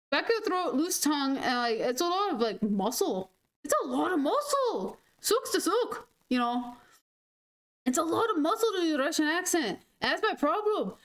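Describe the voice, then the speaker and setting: A young woman streaming a game, chatting casually in a rambling, giggly way full of "like". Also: high voice. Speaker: gaming streamer. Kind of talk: casual chat over gameplay.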